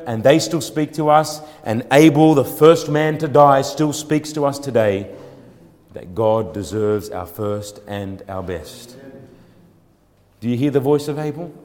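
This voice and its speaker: A man preaching a sermon. He moves between quiet, reflective passages and loud, building exhortation full of repeated rhetorical questions. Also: a little high. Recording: long hall reverb.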